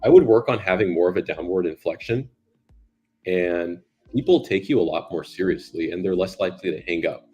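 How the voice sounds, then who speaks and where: Man, very low voice, talky sales guest, casual interview chat. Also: expressive, brisk, darkish tone, husky, lo-fi sound, soft background music. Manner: loose, talky, many fillers and restarts. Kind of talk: casual conversation.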